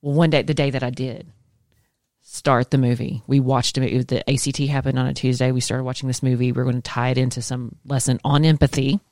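A woman's voice: extremely low pitch, level tone, quick pace, a little mellow, no echo, clean studio sound. A woman in her forties, a schoolteacher co-hosting a casual chat show, chatty and laughing, swearing casually. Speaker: co-host, schoolteacher.

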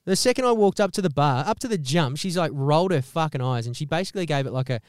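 An Australian man hosting a podcast, delivering a profane, animated comedic rant and swearing constantly. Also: fairly high pitch, quick pace, dry recording, clean studio sound. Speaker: podcast host.

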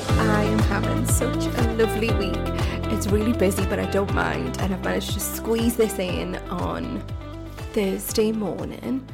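A woman with a Geordie accent hosting her own podcast, talking in a chatty, excitable and enthusiastic way, with fillers and self-corrections. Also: mid-range voice, a little slow, gravelly, breathy edge, soft background music. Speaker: podcast host and mindset coach. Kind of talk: casual podcast monologue.

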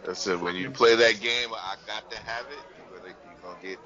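A man's voice: on the low side, fairly even intonation, fairly quick, bright, forceful tone. A man in casual chat, blunt and joking. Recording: muffled lo-fi recording.

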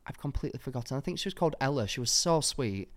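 A woman's voice: very deep voice, animated, rapid-fire. A young woman, telling stories in a casual podcast chat. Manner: chatty, storytelling, giggly. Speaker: podcast co-host.

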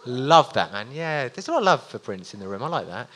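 A man co-hosting a casual chat, relaxed and meandering with fillers. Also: mid-range voice, fairly quick. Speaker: co-host.

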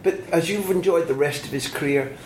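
A middle-aged man hosting an interview, asking thoughtful, measured questions. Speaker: interviewer host. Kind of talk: casual interview. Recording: roomy echo with faint rumble.

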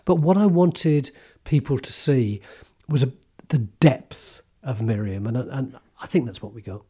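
A man's voice: mid-range voice, a little slow, dark tone, breathy edge. A male host from East London in casual, reflective chat.

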